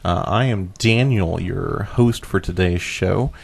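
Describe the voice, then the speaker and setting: Young guy hosting a podcast, kinda low voice, laughs a lot, lots of uhs. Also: slow pace, creaky, slightly rough. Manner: laughs often, explains rules with fillers. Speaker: host. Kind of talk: casual podcast chat.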